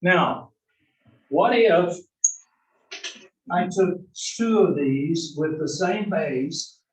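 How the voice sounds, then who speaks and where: A man teaching an algebra class, explaining slowly and answering his own questions as he goes. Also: fairly high pitch, expressive, roomy sound, far from the mic, low-quality recording. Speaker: math instructor. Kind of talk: recorded classroom lecture.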